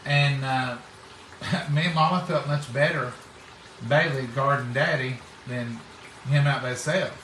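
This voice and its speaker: Measured in pace and sharp in tone, a middle-aged man with a mid-range voice relates homespun stories casually, in a folksy manner, performing the speech he quotes. The room sounds roomy and the mic distant, with a little hiss or hum.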